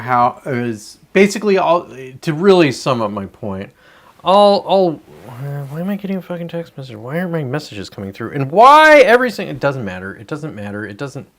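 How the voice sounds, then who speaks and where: A man ranting on a casual livestream, frustrated and profane, rambling with many restarts. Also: mid-range voice. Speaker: livestreamer and real estate agent.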